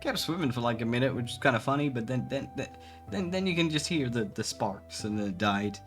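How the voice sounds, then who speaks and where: Animated, laughing live-stream chatter. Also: mid-range voice, a little fast, soft background music. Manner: animated, laughs often, swears casually. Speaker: VTuber streamer. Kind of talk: casual live-stream chat reading posts aloud.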